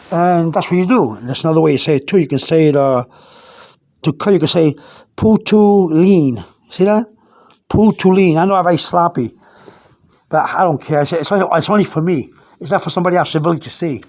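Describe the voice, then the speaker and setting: A man with a notably high voice talks through a casual show-and-tell, narrating each small step as he goes. He sounds like he's at home indoors, filming on a phone held over his notebook. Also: darkish tone. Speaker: self-taught language learner.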